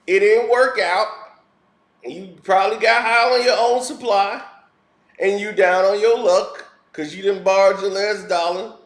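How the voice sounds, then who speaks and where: A man with a high-pitched voice delivers a blunt, heated, preachy opinion rant. He talks as a commentary vlogger. His voice rings in a roomy echo. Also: fairly even intonation, unhurried, pauses often.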